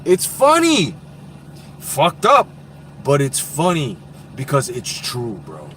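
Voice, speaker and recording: A blunt, profane man in his thirties runs a casual live stream in streetwise slang, his voice pitched a little high. Faint street noise hums behind him, as if he were speaking into a phone outdoors. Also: wildly swooping pitch, takes it slowly. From Puerto Rican heritage. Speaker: boxing live-stream host.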